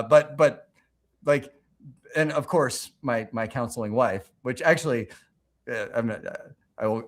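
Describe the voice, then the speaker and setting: Animated rambling male livestream host. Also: mid-range voice. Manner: animated, rambling storytelling with many restarts. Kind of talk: casual livestream chat.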